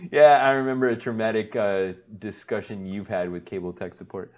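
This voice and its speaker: A man co-hosting a podcast in casual chat, easygoing and quick to laugh. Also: on the low side, highs cut off. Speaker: podcast co-host.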